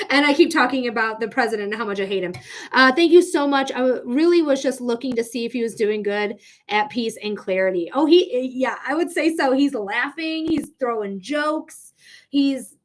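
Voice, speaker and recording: A woman giving a live-streamed psychic reading, talking in a chatty, emotional way with lots of "like" and quick laughs. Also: high-pitched. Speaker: psychic reader.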